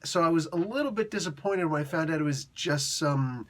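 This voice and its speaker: A man's voice: on the high side, expressive, fairly quick, fairly bright tone. A man hosting a casual review monologue, rambling and joking, with many fillers and restarts. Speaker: review show host.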